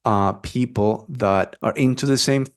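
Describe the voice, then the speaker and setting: A man's voice: medium pitch, a little slow. Man hosting a podcast, thoughtful. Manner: thoughtful, restarts sentences, asks "right?". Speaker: podcast host. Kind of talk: casual interview talk.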